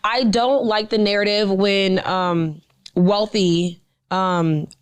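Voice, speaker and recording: A woman co-hosting a podcast in loose, profane casual chat, animated and fond of reading aloud. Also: medium pitch, slow pace, smooth. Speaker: podcast co-host.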